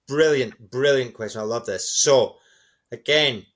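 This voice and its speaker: A man's voice: medium pitch, a little slow, fairly bright tone. A middle-aged man, a guest speaker, giving enthusiastic, encouraging answers in an interview.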